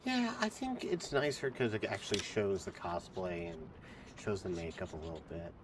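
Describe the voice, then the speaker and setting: A man streaming himself reading a novel aloud, speaking softly to his chat. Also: low-pitched, expressive, moderate pace, background noise. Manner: softly spoken.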